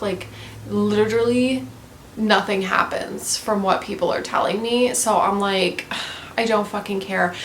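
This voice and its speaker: A woman's voice: medium pitch, a bit bright, a little hiss or hum. A woman vlogging book reviews in a casual, blunt way, swearing often and full of fillers.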